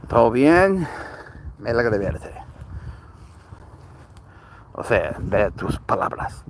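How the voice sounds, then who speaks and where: A man hosting a live stream outdoors at night on a phone, rambling and joking with viewers while talking softly to his cat. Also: mid-range voice, big pitch swings, takes it slowly, background noise. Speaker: livestream host. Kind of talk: casual live-stream chat.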